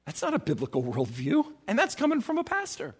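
A man preaching a sermon as pastor, emphatic, acting out quoted voices with sudden swings in pitch. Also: huge pitch swings, fairly quick, husky.

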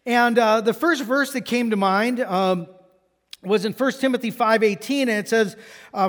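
Male pastor, very high voice, conversational self-deprecating sermon, long hall reverb. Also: unhurried, fairly bright tone.

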